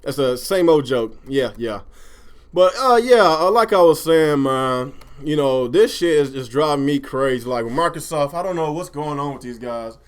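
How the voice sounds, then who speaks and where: High-voiced man ranting heatedly. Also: lively intonation, normal speed, smooth. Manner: profane, loud, repeats himself. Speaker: gaming livestreamer. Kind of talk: heated live-stream rant.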